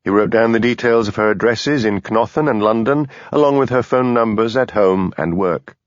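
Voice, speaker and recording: A man narrating a mystery audiobook in an expressive, lively reading. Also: on the low side, normal speed, dry recording. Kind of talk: scripted narration. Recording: dull, dry studio sound.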